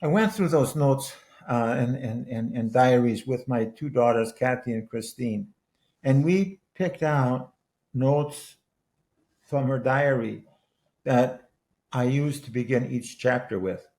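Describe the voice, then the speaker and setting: Speaking slowly in a mid-range voice with a darkish tone, an eighty-something guest from Wisconsin recounts anecdotes in a conversational podcast interview. He is an author and ex-politician whose earnest, rambling telling is full of restarted sentences.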